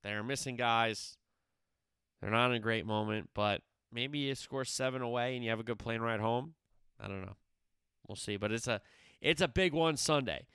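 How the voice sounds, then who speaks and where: A man's voice: medium pitch, moderate pace, clean tone, no room sound, clean studio sound. A man hosting a casual sports talk show, chatting through predictions with fillers and rhetorical questions, getting more emphatic as he lays out his picks. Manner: grows louder and more emphatic when giving picks. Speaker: sports podcast host.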